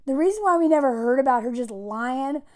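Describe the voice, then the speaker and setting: An American commentary vlogger with a high, expressive voice talks fairly quickly. Her video commentary is casual and sarcastic, full of exasperation and mockery.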